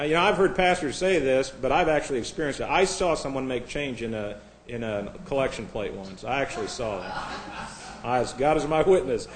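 A man, a pastor, reading a list of jokes to his congregation and then moving into earnest Bible teaching. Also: on the high side.

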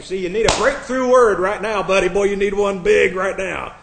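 A man preaching a sermon, combative and sarcastic, dropping to hushed asides and rising to loud outbursts. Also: high-pitched, normal speed, hardly any pauses, roomy sound, a little hiss or hum.

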